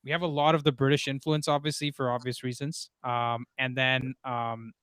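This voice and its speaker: A man's voice: mid-range voice, level tone, normal speed, fairly bright tone, smooth, no echo. A man from India hosting a football live stream, chatting casually with lots of fillers and restarts. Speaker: stream host.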